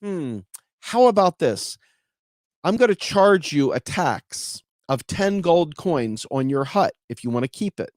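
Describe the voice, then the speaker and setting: A man putting on a scheming medieval king who coaxes slowly and graciously while making demands, with a lively, swinging delivery. His voice sits in a fairly high register. The sound is close and dry. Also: dry recording. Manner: slow, coaxing and mock-gracious.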